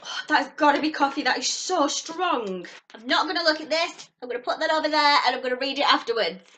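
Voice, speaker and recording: A woman vlogging a subscription box unboxing in casual chat, gushing and excitable. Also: high-pitched, a little fast, slight background noise. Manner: gushing and excitable, squeals at surprises.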